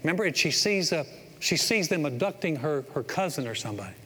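A middle-aged man preaching a sermon as pastor, telling a story and building to excited exclamations in a church. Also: a little high, fast talker, breathy edge. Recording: long hall reverb, faint ambience.

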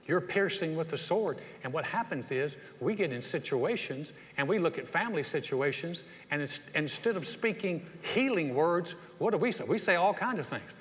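Folksy Southern pastor preaching. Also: male voice, on the high side, moderate pace, few pauses, big-room sound. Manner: folksy, animated, asks the crowd questions. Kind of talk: sermon.

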